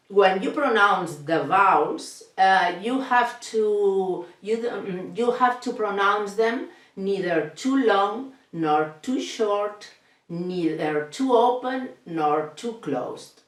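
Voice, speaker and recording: A Spanish teacher, a woman with a medium-pitched, lively voice, gives a slow, step-by-step language lesson. She speaks deliberately, repeating each sound and checking in often with "okay?" She sits far from the mic in an echoey, roomy space.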